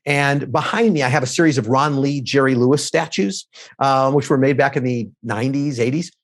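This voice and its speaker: Fast-talking animated man. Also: mid-range voice. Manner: quick, animated storytelling with acted-out quotes. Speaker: guest, TV political commentator. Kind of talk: casual interview chat.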